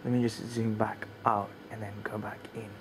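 A man vlogging casually outdoors at night while cold and shivering, talking to viewers with fillers and now and then dropping to quiet murmured asides, recorded on a camcorder's built-in mic. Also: lowish voice, flat delivery, normal speed, background noise. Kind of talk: casual vlog narration.

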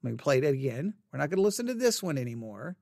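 A man's voice: a little high, big pitch swings, fast talker, creaky, a little mellow, no room sound, studio quality. A man teaching a casual Bible word study, thinking aloud and repeating words as he reads verses and notes.

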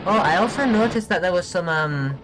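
A young man streaming a video game live, chatting excitably and giggling with his viewers. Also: sits high, a little fast, background noise. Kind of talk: live gameplay commentary.

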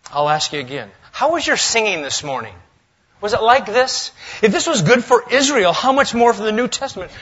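Bright-voiced man preaching a sermon. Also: high voice, brisk, husky, muffled recording. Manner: lively preaching, swings from loud to hushed. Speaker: pastor. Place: church sanctuary.

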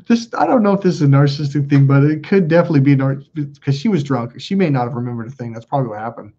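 A man's voice: medium pitch, animated, rapid-fire, few pauses, mellow, husky, lo-fi sound. A man hosting a live stream, telling stories in a blunt, profane, self-mocking casual chat. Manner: blunt, profane, laughs at himself.

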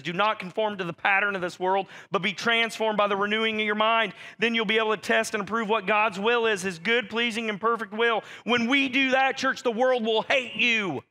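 A man's voice: high-pitched, pushed and bright. A pastor delivering a conversational sermon, speaking directly to his congregation. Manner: direct, conversational preaching addressing the church.

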